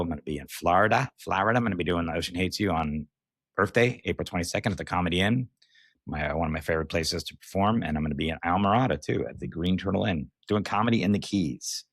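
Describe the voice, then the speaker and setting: American man, very deep voice, dry close sound, candid solo podcast, rambling and self-mocking. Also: a bit bright, no echo. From United States. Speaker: podcast host and comedian. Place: recording while on tour away from home.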